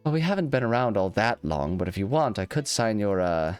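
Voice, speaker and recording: A man's voice: lowish voice, very animated, fairly quick, a little mellow, smooth, faint music behind. A man voicing a romantic goofball male adventurer who brags about his family line in a laid-back, rambling drawl. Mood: boastful.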